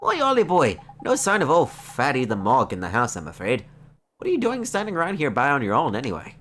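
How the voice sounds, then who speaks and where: A woman's voice: very deep voice, huge pitch swings, brisk, faint music behind, voice pushed up, exaggerated voice. A woman doing a blustery, brash old man from a game. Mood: teasing. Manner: loud, teasing, blustery scolding. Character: brash, bossy older man neighbor.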